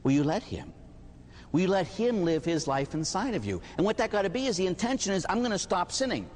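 A man who is a Catholic priest, giving an animated sermon with rhetorical questions and little stories. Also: sits high, a little fast, a little hiss or hum. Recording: hall reverb.

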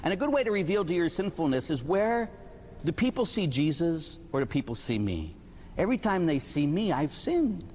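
A man who is a Catholic priest, giving an animated sermon with rhetorical questions and little stories. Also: on the high side, moderate pace. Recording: hall reverb.

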